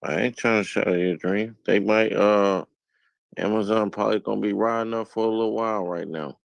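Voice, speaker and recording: A man hosting a casual chat, making slow, teasing, low-key remarks. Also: fairly even intonation, gravelly, no room sound. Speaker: host.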